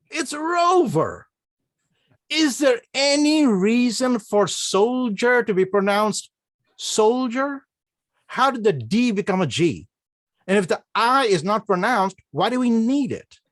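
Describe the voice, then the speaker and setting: A man performs a humorous prepared speech at a speaking club. He talks slowly with a very lively, swooping pitch. He asks playful rhetorical questions, and the room sound is dry and close. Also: no echo. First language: not English.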